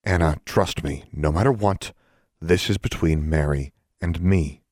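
A determined teenage girl in a storybook speaks coldly and firmly, voiced by a man in his own deep register. Her lines come out clipped and hard, close and dry on the mic. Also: unhurried, a little mellow, no room sound. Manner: clipped, firm.

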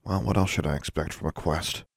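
A man playing a blunt young witch, dry sarcastic lines, low gravelly voice. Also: fairly even intonation, a little fast, no room sound. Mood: dry, wry. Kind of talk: audiobook character voice.

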